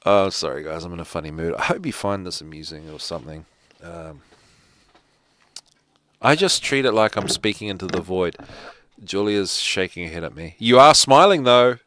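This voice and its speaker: Low-voiced rambling livestream host. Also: male voice, expressive, moderate pace, fairly bright tone, dry recording, studio quality. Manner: rambling, joking asides. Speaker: host of a live show. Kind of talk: casual rambling livestream talk.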